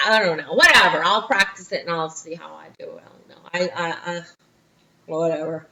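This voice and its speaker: A woman's voice: on the low side, moderate pace, bright, forceful tone, poor audio. A middle-aged woman, a teacher, giving a recorded history lesson at home in a chatty manner with frequent asides.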